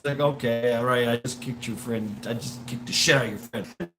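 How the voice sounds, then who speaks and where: A man's voice: medium pitch, expressive, loud music behind the voice. A young man telling a personal story in a casual, rambling way, full of restarts, profanity and laughter. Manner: halting, repeats words, profane, laughs often. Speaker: storyteller recounting a personal anecdote.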